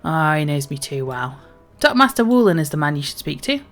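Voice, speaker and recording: A woman streamer reading out a female dwarf townswoman's quest dialogue from a game, in a raised, lively voice. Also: low-pitched, a little fast, soft background music. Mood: relieved.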